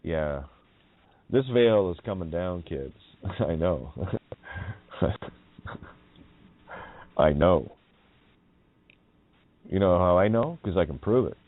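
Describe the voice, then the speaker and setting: A man's voice: sits low, expressive, slow pace, long pauses. A male radio host in a casual rambling monologue, chuckling often and swearing as he riffs on wordplay. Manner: laughs often, profane, wordplay-heavy. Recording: dry tinny phone-like line.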